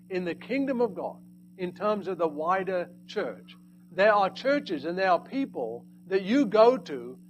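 A man preaching a sermon, swinging between loud emphatic lines and hushed, quiet asides. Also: sits high, slight background noise, rough recording.

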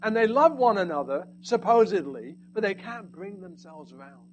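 High-voiced preacher with dramatic swings. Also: male voice, big pitch swings, normal speed, dull audio, background noise. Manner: dynamic, swinging from loud emphasis to hushed asides. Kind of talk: sermon.

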